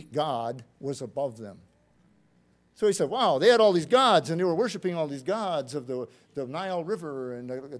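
A male preacher delivering a sermon in a high-pitched voice. He swings between loud, emphatic rises and quiet, low drops as he works through scripture. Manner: emphatic, rising and falling delivery.

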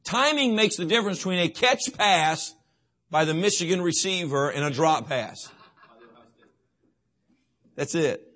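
A man's voice: fairly high pitch, lively intonation, measured pace, pauses often, bright, forceful tone. A man preaching a sermon to teenagers, emphatic and repetitive, often asking his listeners questions. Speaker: youth pastor.

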